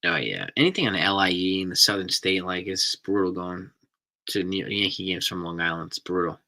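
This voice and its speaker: A middle-aged man, his voice low and sharply bright. He chats loosely with live viewers. He rambles and gets excited as he talks. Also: brisk, creaky. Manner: chatty, rambling, enthusiastic about food. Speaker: host reading live chat. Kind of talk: casual live-stream chat.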